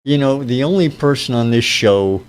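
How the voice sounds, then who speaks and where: A man's voice: mid-range voice, animated, moderate pace, clean tone. A man co-hosting and running the technical side, chatting in a dry, teasing way. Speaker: co-host and technical producer. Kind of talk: casual chat.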